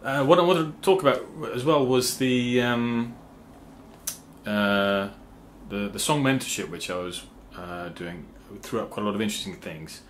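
A man with a fairly low voice talks casually to his viewers, halting often with fillers and restarts. He sometimes hums rhythm syllables to make a point, and faint background noise sits under his voice. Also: lively intonation. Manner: sings rhythm syllables to explain meter. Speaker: songwriter and channel host. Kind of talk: casual talk to camera.

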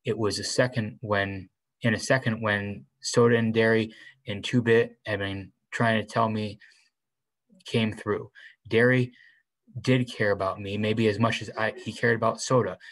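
A man reading a novel aloud in the first person, unhurried, with small restarts. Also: lowish voice, steady tone, low-quality recording. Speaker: reader.

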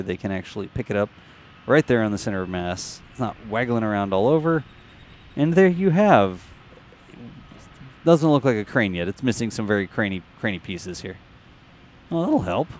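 A man's voice: lowish voice, a little hiss or hum. A man hosting a show, narrating launch site footage in a casual, jokey, think-aloud voice-over.

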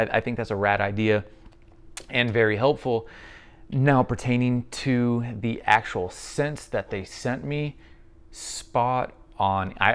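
A man talks through a product review in a relaxed, conversational way. His pitch sits in the middle range for a man. He is friendly and chatty, thinking aloud as he goes. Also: smooth.

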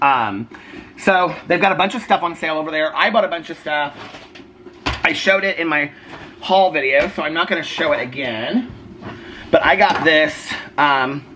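A man's voice: a little high, pushed and bright, a little hiss or hum. A bubbly, giggly man chatting casually to camera in his home kitchen as a vlogger. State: out of breath. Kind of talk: casual chat.

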